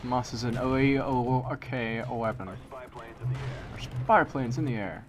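A young man with a medium-pitched, slightly slow voice commentates live over a shooter game. He swings between muttered complaints and sudden frustrated outbursts at enemy campers, with loud game gunfire sounding behind him.

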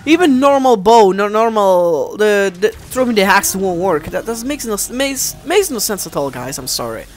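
A man giving let's play commentary, animated and easily exasperated, often addressing viewers as guys. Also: sits high. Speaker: gameplay commentator.

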